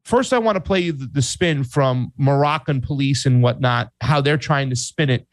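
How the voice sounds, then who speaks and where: A man's voice: medium pitch, moderate pace, no room sound, low-quality recording. A man hosting casual political commentary, reading headlines aloud and breaking in with slangy asides, sometimes mocking countries in quoted voices. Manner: animated, reads headlines aloud, says "fam", voices countries in mock quotes.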